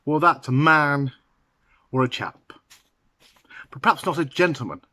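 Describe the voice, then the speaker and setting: A man's voice: a little high, pushed and bright. Man patiently explaining sayings. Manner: unhurried, halting with fillers and restarts. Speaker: English teacher. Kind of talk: explaining idioms to learners.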